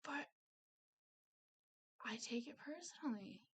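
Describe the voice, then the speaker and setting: A woman's voice: fairly high pitch, animated, slow pace, breathy edge. A woman talking candidly in a personal vlog, earnest and confiding, often trailing off with fillers. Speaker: vlogger. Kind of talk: personal vlog, candid talk about mental health.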